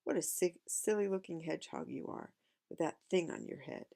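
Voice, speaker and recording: A woman's voice: lowish voice, lively intonation, moderate pace, gravelly, warm tone. A woman voicing a teasing male barn cat in a storybook read-aloud. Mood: mocking. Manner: mocking.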